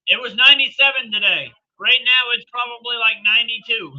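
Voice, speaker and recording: A man's voice: very high voice, a little fast, lo-fi sound. A man casually commenting on a live wrestling show for his stream, chatty and joking, laughing often.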